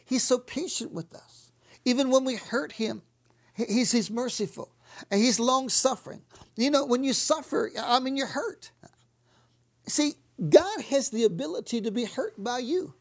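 A woman preaching a sermon, fervent, repeating words and dropping to soft whispers on key lines. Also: high-pitched, animated, normal speed.

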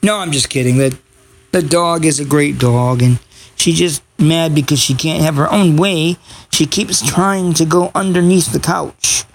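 Foul-mouthed, rambling podcast host, gravelly. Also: medium pitch, measured pace. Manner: profane, rambling and sarcastic. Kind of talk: casual monologue. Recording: loud background noise and crowd chatter.

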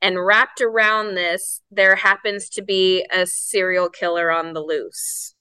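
A woman's voice: on the low side, fairly even intonation, slow, bright, forceful tone, clear, resonant tone, dry recording, poor audio. A woman from Southern California, a theater director, giving enthusiastic, rambling explanations in a casual interview.

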